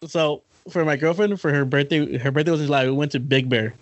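A man's voice: on the high side, fast, dry recording, dull audio. A young man from Los Angeles, co-hosting a podcast in casual chat, telling stories with lots of swearing and laughter. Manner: profane, laughs often, storytelling. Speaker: podcast co-host.

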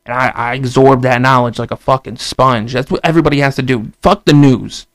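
A man's voice: medium pitch, fairly even intonation, a little fast, fairly bright tone, no room sound. A young man giving an emphatic, profanity-filled rant to camera, stammering and repeating himself. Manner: profane, repetitive, emphatic ranting; stammering restarts. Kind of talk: casual vlog rant.

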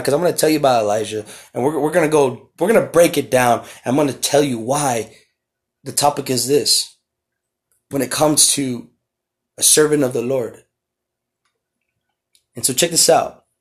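A man preaching a podcast sermon, reading scripture slowly and with emphasis, then explaining it in a casual, repetitive way. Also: medium pitch. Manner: repeats and restarts phrases, swells loud on key words.

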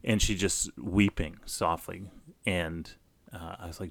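Deep-voiced guy telling a story, lots of restarts, dry close sound. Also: a little slow, creaky, dry recording. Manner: animated, with many restarts. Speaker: guest storyteller. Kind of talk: casual storytelling.

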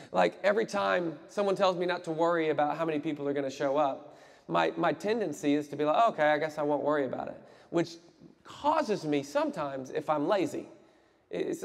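A man preaching a sermon as pastor, animated and conversational with bits of humor. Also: a little high, fairly quick, creaky, in a large hall.

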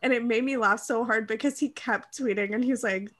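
Animated young woman telling stories. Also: on the high side, fairly quick. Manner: animated storytelling with frequent laughter. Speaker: podcast co-host. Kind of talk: casual chat.

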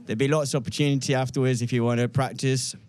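A man's voice: mid-range voice, fairly even intonation, quick pace, a little mellow. A man addressing a gathering in a light, good-humoured way. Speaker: event leader.

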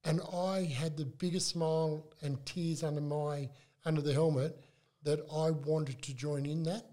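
Older Australian man, mellow voice. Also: a little high. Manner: animated, halting storyteller with many restarts. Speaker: club mascot performer, guest. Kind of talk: casual interview chat.

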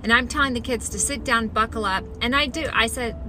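A woman's voice: a little high, a little fast, hardly any pauses. Chatty woman telling a story over music. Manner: chatty, animated, acts out voices in her story. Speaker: storyteller recounting her own experience. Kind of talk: casual spoken storytelling.

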